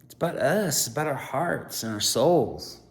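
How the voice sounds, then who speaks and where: 50s guy venting to camera, swears every other word, gets loud then goes soft and quiet. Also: medium pitch, lively intonation, moderate pace. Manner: swears constantly, swings between loud ranting and quiet musing. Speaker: contractor and aspiring sandwich maker. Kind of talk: profane personal rant to camera.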